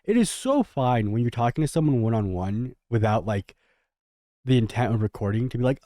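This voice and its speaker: A young man reacts to a clip in casual commentary, tossing out candid, jokey asides. His voice is mellow and swings lively up and down. The sound is close and dry. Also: mid-range voice, fairly quick, dry recording.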